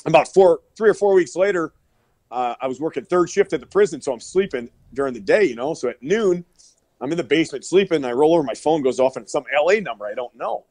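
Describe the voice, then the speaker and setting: A middle-aged man tells rowdy, swear-filled stories as a podcast guest, laughing as he goes. His voice sits fairly high, and the sound is dry and close. He is heard over a remote call line. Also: expressive, fast, a little mellow, no echo. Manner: profane, laughing, rowdy storyteller. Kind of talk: casual storytelling.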